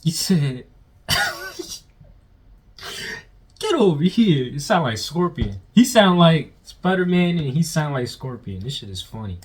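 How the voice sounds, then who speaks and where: A man's voice: fairly high pitch, measured pace. A man hosting a reaction video, commenting casually with swearing and street slang. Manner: swearing, laughing, animated slang.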